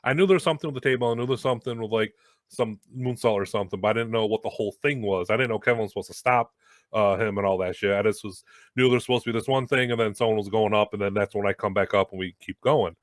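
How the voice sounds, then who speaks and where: A young man hosting a casual chat, telling a story with lots of swearing and loud acted-out quotes. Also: fairly low pitch, rapid-fire, no room sound. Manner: animated, swearing, acts out quotes loudly. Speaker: host.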